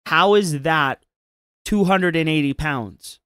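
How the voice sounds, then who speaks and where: A man's voice: fairly high pitch, takes it slowly, a bit bright, smooth, no room sound, clean studio sound. A man hosting a casual stream, chatting in a laid-back, profane way and laughing often. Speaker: stream host. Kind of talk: casual commentary chat.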